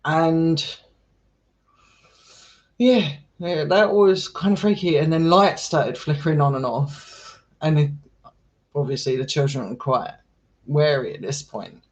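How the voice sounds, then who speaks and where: A man's voice: fairly high pitch, slow, pauses often, muffled recording. A man chatting casually with his live stream viewers, affectionate and talkative, calling people darling and sweetheart. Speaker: live streamer and paranormal explorer.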